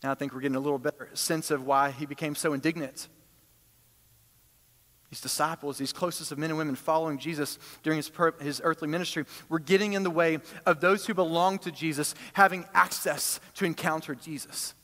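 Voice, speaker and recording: Male pastor, high and bright voice, emphatic preaching in a church with a long hall echo. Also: steady tone, brisk. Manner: emphatic preaching, swinging between loud high bursts and low quiet stretches. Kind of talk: sermon.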